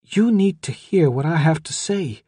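A weak, cold and frightened young woman with a small, feeble voice, raised noticeably higher than the reader's own, as a male narrator puts her on. She talks slowly and brokenly, close and dry, as in a storybook reading. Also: lively intonation, dark tone, breathy edge, no room sound. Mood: pleading.

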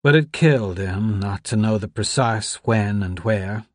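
A man reading aloud who voices a tearful young woman grieving a mentor, speaking softly with a lifted pitch. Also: a little slow, no echo, studio quality.

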